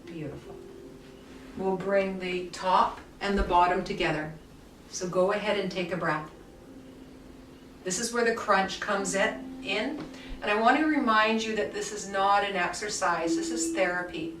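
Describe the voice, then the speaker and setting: A woman yoga teacher guiding a somatic movement class with soft, soothing cues. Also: medium pitch, measured pace, slight background noise. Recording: echoey room, mic far off, faint music.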